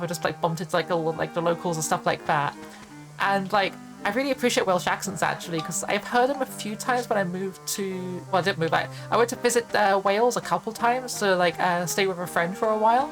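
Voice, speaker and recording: Young girl streaming a game, rambly, lots of likes and ums, music low in back. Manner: rambling, many fillers and laughs. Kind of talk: casual gaming stream chat. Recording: faint music behind voice.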